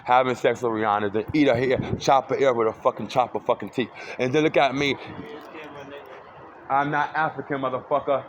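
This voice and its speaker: A man's voice: mid-range voice, steady tone, a little fast. A man rambling through a profane, accusatory rant outdoors on a city street, filming himself on a phone. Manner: rambling, accusatory, heavy cursing. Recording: dull lo-fi street recording with traffic noise. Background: street traffic noise.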